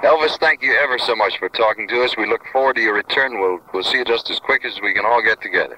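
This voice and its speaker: A man's voice: on the low side, fast talker, very noisy. A male radio interviewer on an old recording, easygoing and encouraging.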